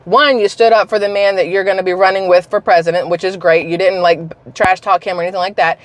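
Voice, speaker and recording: A woman's voice: on the low side, flat delivery, fast, no echo. A woman vlogger giving a casual, emphatic opinion rant, talking straight to her viewers with open scorn. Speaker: political commentary vlogger.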